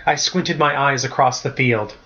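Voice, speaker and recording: A man, the author, narrating his storybook in a measured storytelling manner. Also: mid-range voice, bright, forceful tone, lo-fi sound. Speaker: author reading his novel.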